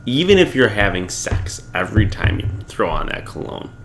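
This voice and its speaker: A man's voice: fairly low pitch, sing-song, normal speed, faint music behind. A young man from Chicago co-hosting a podcast, chatting casually and joking with frequent laughs and fillers. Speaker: podcast co-host. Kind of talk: casual recap chat.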